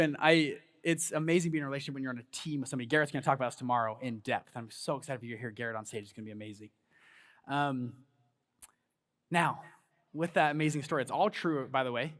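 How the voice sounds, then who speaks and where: Man, 30s, high-pitched voice, animated motivational speaker in a big hall. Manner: storytelling, animated, hypes the crowd. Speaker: conference speaker. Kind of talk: motivational stage talk. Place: large event hall on stage.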